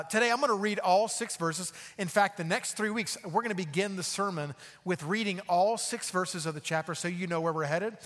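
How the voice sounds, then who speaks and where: A male pastor preaching a sermon conversationally, often asking "okay?" and slowing down to read scripture phrase by phrase. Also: sits high, a bit bright, long reverb tail. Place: church sanctuary.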